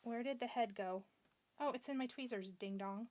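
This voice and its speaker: A woman with a high, bright speaking voice leads a live craft tutorial. She keeps up a running, self-deprecating chat as she glues and layers small pieces, and she stops now and then to answer viewers. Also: moderate pace. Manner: chatty and self-deprecating, talking to herself as she works. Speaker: crafting livestream host.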